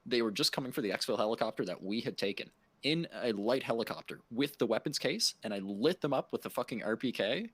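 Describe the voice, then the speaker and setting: A man's voice: medium pitch, fast talker, breathy edge, dry recording. Man telling a gaming story, swearing. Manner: animated gaming anecdote, swearing. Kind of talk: casual chat.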